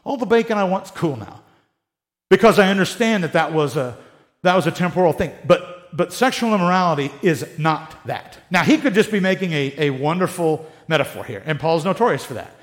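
A man's voice: a little high, a little fast. A man teaching the Bible in a casual, conversational way, joking and acting out the people he talks about. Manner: animated, joking, acts out quotes in voices.

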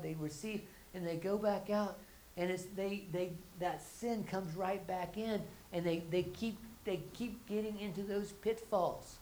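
A woman's voice: medium pitch, steady tone, unhurried, dark tone, a little hiss or hum, low-quality recording. A woman preaching a conversational sermon. She restarts and repeats words, and she acts out the everyday voices of her listeners.

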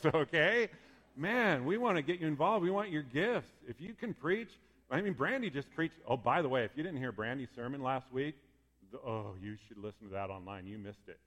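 Lively man preaching in a reverberant hall. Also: medium pitch, fairly quick. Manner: lively and conversational, geeking out with asides. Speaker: pastor. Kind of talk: sermon.

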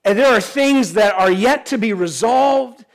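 A man's voice: sits high, unhurried. A pastor preaching a sermon in an earnest, pleading way, asking the congregation questions and often restarting his sentences.

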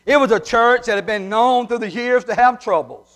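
High-voiced preacher. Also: male voice, moderate pace, a bit bright. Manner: folksy, heartfelt storytelling. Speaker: pastor. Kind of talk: sermon with humorous story.

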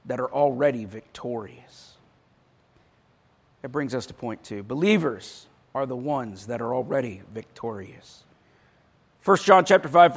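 A man's voice: on the high side, a bit bright, slightly rough. A male preacher giving an emphatic sermon, telling a story and making dry jokes.

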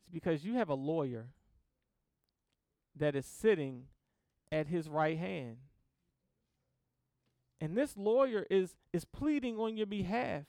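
A male pastor delivers a sermon in a high, smooth, resonant voice. He stretches out key phrases and leans into them with emphatic swells. The sound is dry and close, with no room around it. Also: animated, darkish tone, dry recording. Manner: preaching with slow emphatic swells and scripture reading.

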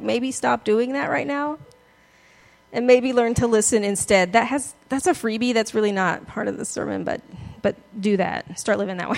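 A woman's voice: high-pitched, gravelly. A woman pastor giving a conversational, self-deprecating sermon, often laughing as she talks.

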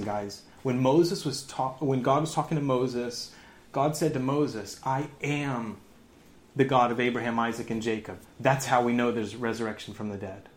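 A man in his thirties, a pastor giving a lively sermon, laughing often and dropping into sarcasm. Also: medium pitch.

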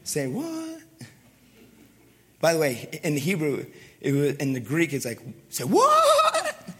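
A man preaching a sermon as pastor, animated and conversational, acting out voices and asking the crowd for agreement. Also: medium pitch, brisk. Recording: long reverb in a large hall.

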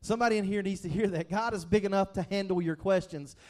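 Male pastor, fairly high voice, earnest, chatty sermon delivery with frequent restarts. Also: fast, a little mellow. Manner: earnest, conversational, repeats and restarts words.

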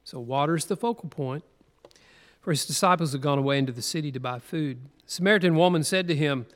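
A man leads a sermon from the pulpit in a fairly high voice. He reads scripture earnestly and draws out important words for weight. His voice rings through a church with a long, trailing echo. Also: fairly quick. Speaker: preacher. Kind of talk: sermon, reading scripture aloud. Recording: long hall reverb.

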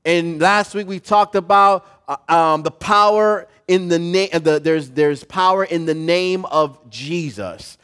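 A pastor preaching a sermon, telling a story with animation and putting questions to the congregation. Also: male voice, a little high, a little slow, hardly any pauses, a bit bright, clear, resonant tone.

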